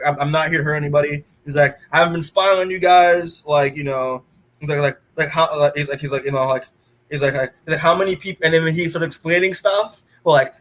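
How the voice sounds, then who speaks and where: A man's voice: on the high side, fairly bright tone. Rambling man recapping a comic. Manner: rambling, acts out characters' lines, many "like"s. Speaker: podcast co-host. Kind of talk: casual comic book recap.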